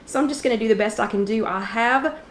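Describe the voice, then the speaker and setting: A chatty East Tennessee woman hosts a casual live wellness chat, talking fast in a slightly high voice and often pausing to greet viewers by name. Allergies leave her throat a little scratchy, and the echoey room has faint background noise.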